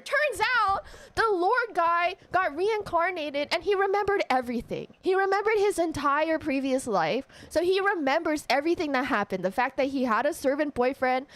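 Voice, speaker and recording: A woman streamer casually retelling a story to her viewers, animated and emotional, often laughing. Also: sits high, moderate pace.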